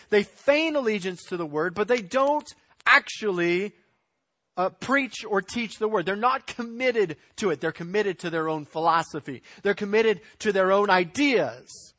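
A man with a high voice delivers a sermon, pushing hard on key words and then sinking quiet. The recording is dry and close, with no room sound. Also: normal speed, no room sound. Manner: emphatic preaching with rising and falling intensity; clears throat now and then. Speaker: pastor.

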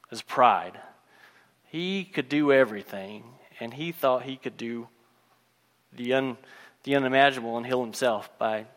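A man preaching a sermon, retelling a story and acting out its characters' lines in a lively storytelling manner. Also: mid-range voice, long reverb tail. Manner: storytelling, acts out voices of the characters.

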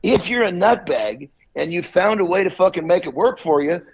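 A man's voice: high-pitched, expressive, normal speed, gravelly, husky. A man hosting a casual, profane chat, blunt and boastful, cursing in nearly every line. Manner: swears constantly, blunt and boastful. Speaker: podcast host. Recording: dull lo-fi sound.

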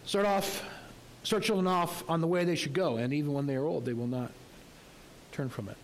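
A man's voice: a little high, fairly even intonation, fairly quick, a little hiss or hum, poor audio. A male pastor preaching a sermon in a conversational way, with rhetorical questions and light humor.

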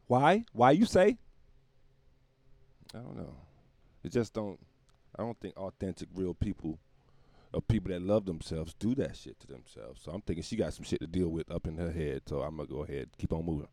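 A man's voice: low voice, fairly quick, warm tone, dry recording. A man doing a rambling, profane comedic monologue and laughing at his own jokes.

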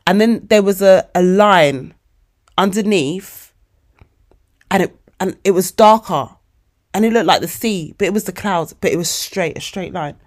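A woman of forty, hosting a casual motivational podcast monologue, animated and emotional, calling her listeners babes. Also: medium pitch, a little slow. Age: 40s. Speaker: podcast host.

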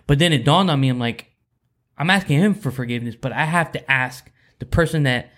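An earnest man talks through a personal story with a co-host in a faith-centered conversation. His voice sits at an ordinary pitch, and he restarts his sentences often as he feels his way through it. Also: fairly quick, fairly bright tone. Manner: earnest, rambling with many restarts.

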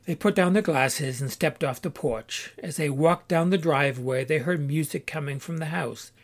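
A man narrating an allegorical storybook in a calm, measured reading voice. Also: fairly high pitch.

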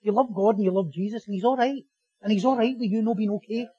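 High-voiced husky preacher. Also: male voice, fast talker, no room sound, muffled recording. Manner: animated, joking, repeats phrases for emphasis. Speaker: pastor. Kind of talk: sermon.

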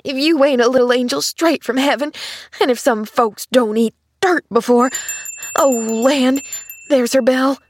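A woman's voice: sits high, dry recording, pitched above the performer's own voice. A woman doing a homespun country housemaid. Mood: stormy. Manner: homespun dialect, brisk and motherly. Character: kindly rustic young housemaid, plain-spoken.

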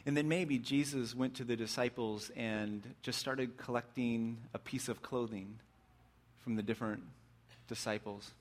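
A man preaching a sermon, retelling a story vividly, swinging between excited bursts and hushed, reflective passages. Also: mid-range voice, a little slow.

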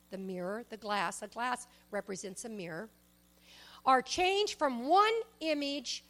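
A woman preaching a sermon, emphatic, shifting between loud exhortation and soft asides and personal stories. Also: high-pitched. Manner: tells personal stories, acts out quoted speech.

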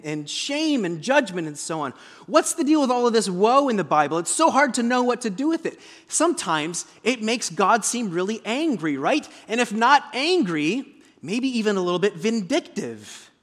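A man preaching a sermon as pastor, conversational, breaking into booming dramatic quotations. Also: a bit bright. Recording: long hall reverb.

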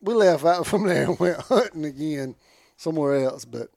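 A man's voice: a little high, lively intonation, moderate pace, creaky, a little mellow, no room sound, clean studio sound. A man hosting a podcast, telling a rambling story in casual chat and laughing through it. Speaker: podcast host.

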